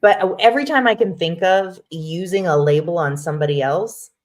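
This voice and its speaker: Low-voiced woman, hesitant and questioning. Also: fairly quick. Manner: hesitant, questioning, thinks aloud. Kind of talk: podcast conversation.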